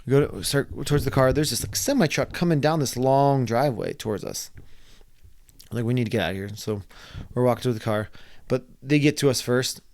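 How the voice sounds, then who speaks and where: A man's voice: mid-range voice, normal speed, a little mellow. A man casually telling a long story, rambling, repeating words and acting out the quotes.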